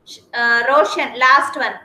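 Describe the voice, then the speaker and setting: Patient high-voiced Indian English teacher. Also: female voice, bright, forceful tone, echoey room, low-quality recording. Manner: slow, patient, spells words letter by letter. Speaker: kindergarten teacher. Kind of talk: online class instruction. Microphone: video call.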